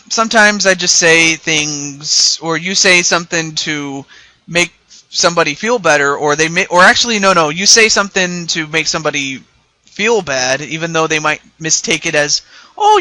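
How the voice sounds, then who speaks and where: A man's voice: fairly high pitch, moderate pace, bright, forceful tone, dry recording. A man hosting a casual online chat, rambling with frequent stammered restarts. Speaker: YouTuber host.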